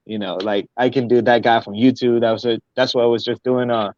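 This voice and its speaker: A man's voice: mid-range voice, level tone, darkish tone, dry recording. Rambling young man, dull dry sound. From Houston, Texas. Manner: halting, full of fillers and restarts. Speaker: guest rapper. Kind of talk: casual interview chat. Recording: dry, slightly muffled audio.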